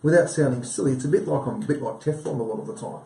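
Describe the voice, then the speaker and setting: A man with a dark, mellow voice talks earnestly as a guest on a live TV show. He rambles and repeats himself. The sound comes from a roomy, echoey studio. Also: mid-range voice, rapid-fire, creaky, far from the mic. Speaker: guest healer. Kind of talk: live TV chat.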